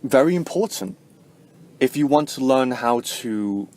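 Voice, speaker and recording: A man vlogging about spirituality in a casual, rambling way, tagging "right?" onto his points and jumping up in pitch for emphasis. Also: lively intonation, a little slow. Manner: rambling, heavy use of fillers like "like" and "right?"; swings sharply up in pitch and loudness to stress points. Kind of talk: casual spoken explanation to camera.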